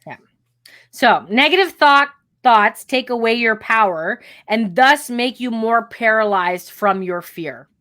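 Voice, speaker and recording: High-voiced woman coaching listeners. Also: expressive, slow, a bit bright. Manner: direct, coaching, casual swearing. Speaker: podcast co-host. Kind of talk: motivational podcast talk.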